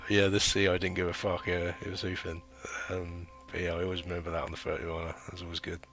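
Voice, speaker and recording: Deep gravelly man telling stories. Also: completely flat delivery, fast talker, a bit bright. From United Kingdom. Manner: rambling and chatty, full of fillers and slang. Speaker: former recruit recounting training. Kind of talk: casual storytelling vlog.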